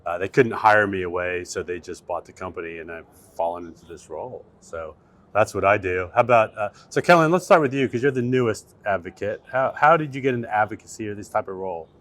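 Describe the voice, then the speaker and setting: A man's voice: fairly low pitch, fast talker. Easygoing male podcast host. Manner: relaxed, easygoing, with fillers. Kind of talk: casual panel chat.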